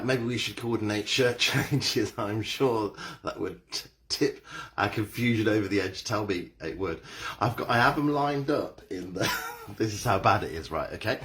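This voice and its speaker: A man's voice: medium pitch, fairly bright tone. A middle-aged man, leading a live-streamed exercise class and cheerily greeting viewers by name. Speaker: fitness instructor.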